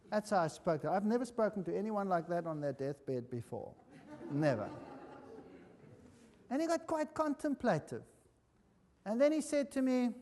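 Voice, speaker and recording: A man preaching a sermon and telling a story, emphatic and conversational, moving between loud and hushed delivery. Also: high voice, sing-song, moderate pace, pauses often. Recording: long reverb of a large hall.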